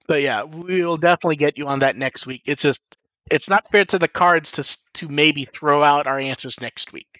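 Upbeat, bright-voiced man hosting a podcast. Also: on the high side, moderate pace, no room sound, highs cut off. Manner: rambling, self-correcting, reads out listener questions. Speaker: podcast co-host answering listener questions. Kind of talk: casual podcast chat.

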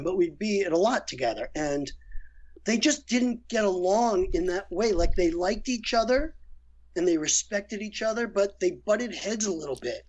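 Rambling animated man, muffled lo-fi audio. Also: high-pitched. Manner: rambling, animated storyteller with many fillers. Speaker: guest, voice director and writer. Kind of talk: casual podcast conversation.

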